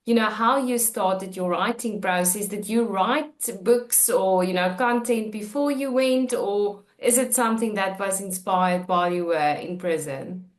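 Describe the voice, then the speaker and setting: A woman hosts an interview in an encouraging way and laughs easily. Her voice sits at a middle pitch. Her voice carries an echo of the room. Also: unhurried, hardly any pauses. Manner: warmly encouraging, laughs often. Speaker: interview host. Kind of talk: casual interview talk.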